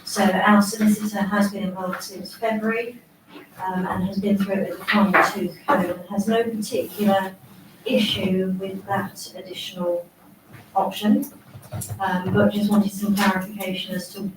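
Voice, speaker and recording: A woman's voice: medium pitch, flat delivery, moderate pace. An Englishwoman at a council meeting, explaining matters in a matter-of-fact way. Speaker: council member. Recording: echoey chamber, distant mic, background hum.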